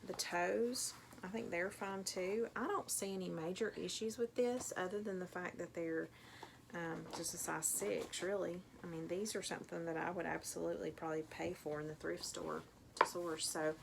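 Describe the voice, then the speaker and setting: A woman's voice: fairly low pitch, fairly even intonation, normal speed, vocal fry, noisy background. A middle-aged woman with a Tennessee accent, chatting casually through an unboxing vlog at home, rambling with lots of ums. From Tennessee, USA. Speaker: thrift reseller vlogger.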